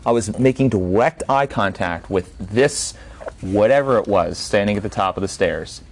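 A podcast host with a lowish man's voice, telling a story in casual chat. He keeps it loose and unscripted and swears freely as he goes. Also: normal speed, a little hiss or hum.

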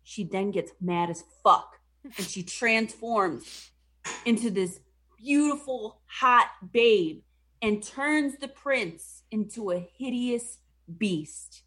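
Profane, animated woman retelling a story. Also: fairly high pitch, takes it slowly. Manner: profane, animated, does mock voices for the characters. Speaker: podcast host retelling a movie. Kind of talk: casual comedic retelling, drinking.

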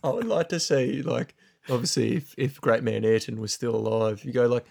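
A male podcast co-host with a gravelly, fry-laden voice at a middle pitch. He keeps up dry, joking banter in casual chat. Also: fairly even intonation, moderate pace, a little mellow.

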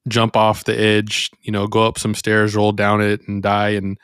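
Male podcast host, smooth resonant tone, reflective meandering faith talk. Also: lowish voice, completely flat delivery, normal speed, a bit bright, dry recording, clean studio sound. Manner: reflective and meandering, thinking aloud.

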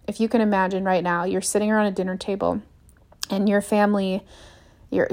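A young American woman hosts a solo motivational podcast in a mid-range, darkish voice. She talks earnestly and upbeat, acting out little quoted scenes along the way.

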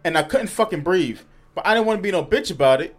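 A man's voice: sits high, animated, fast, music in the background. A man from New York co-hosting a podcast, telling stories in casual chat, swearing freely and laughing through them. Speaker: podcast co-host.

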